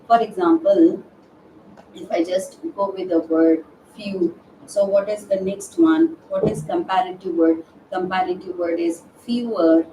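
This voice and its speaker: A female verbal aptitude trainer teaches grammar in a live webinar, posing questions to the class and answering them herself, hesitating with frequent "uh" fillers and restarts. Her voice is low and mellow at a measured pace, and she's far from the mic in an echoey room with faint background noise.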